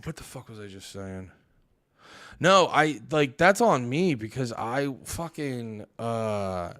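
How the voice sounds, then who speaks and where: A man's voice: medium pitch, fairly bright tone, no room sound, studio quality. A young man hosting a livestream, ranting and swearing heavily as he talks back to his chat. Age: young adult. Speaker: livestream host. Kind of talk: casual stream commentary reacting to chat.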